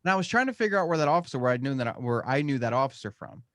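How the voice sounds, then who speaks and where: A man's voice: mid-range voice, expressive, racing, a bit bright. A man co-hosts a casual chat, recorded dry and close with no room echo. He tells stories eagerly and acts out his own reactions as he goes. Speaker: podcast co-host.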